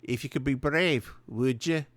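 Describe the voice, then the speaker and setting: A man's voice: medium pitch, a little slow, dry recording, close to an everyday voice. A man doing a playful impression of a brave young princess, mock-earnest.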